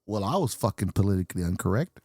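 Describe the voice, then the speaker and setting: A man's voice: sits low, sing-song, fast talker, a little mellow, no echo, clean studio sound. A man in his fifties hosting a podcast, delivering a blunt, swear-filled rant and laughing at his own points. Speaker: podcast host. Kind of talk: profane ranting monologue.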